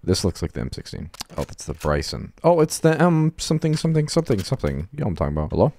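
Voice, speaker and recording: A man's voice: mid-range voice, big pitch swings, racing, mellow. A young man giving casual, sweary, self-deprecating commentary while playing a video game, rambling and laughing at his own jokes. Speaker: gaming YouTuber.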